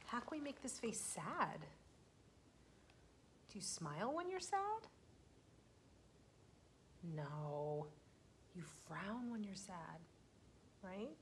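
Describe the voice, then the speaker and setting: A young woman leading a children's storytime as a librarian, speaking gently and slowly to small children and often dropping to a whisper. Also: medium pitch, very animated, a little hiss or hum.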